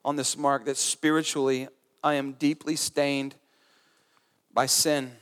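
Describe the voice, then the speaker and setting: A man's voice: mid-range voice, level tone, slow pace, a bit bright. A man preaching a sermon as a pastor, conversational and earnest, with humor and asides, in a church. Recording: reverberant church hall.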